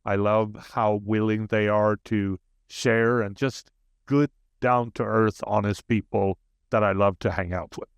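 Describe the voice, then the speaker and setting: A man with a Swedish accent speaks as a podcast guest in an earnest, humble way, often starting a sentence over. His voice sits fairly low. The sound is close and dry, with no room around it. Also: fairly even intonation, a little slow, clean tone, no echo. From Sweden. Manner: humble, earnest, with frequent restarts. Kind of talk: casual interview chat.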